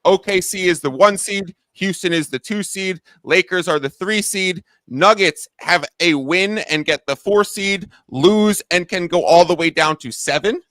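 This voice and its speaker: Male sports show host, bright, slightly high voice, dry close mic, energetic rundown. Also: a little slow, few pauses, no echo. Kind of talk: sports betting talk show.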